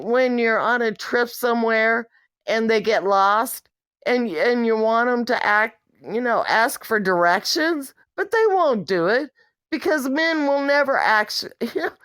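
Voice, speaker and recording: A woman's voice: on the high side, a bit bright, dry recording. A woman vlogger in a candid monologue, talking bluntly and profanely with an exasperated edge.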